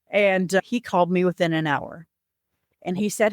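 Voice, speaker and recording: A woman guest on a podcast, earnestly retelling a personal family story and voicing the people in it with lively shifts. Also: on the low side, normal speed, no echo, clean studio sound. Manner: earnest, animated retelling with lively voiced quotes.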